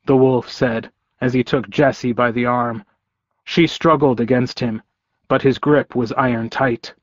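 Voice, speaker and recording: Slow, measured male audiobook narrator. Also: mid-range voice, fairly even intonation, no echo, highs cut off. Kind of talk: first-person audiobook narration.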